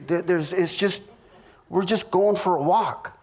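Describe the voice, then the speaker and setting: High-voiced man preaching with jokes. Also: a little mellow. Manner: storytelling, halting restarts, jokey asides. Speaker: pastor teaching a marriage class. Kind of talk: humorous sermon.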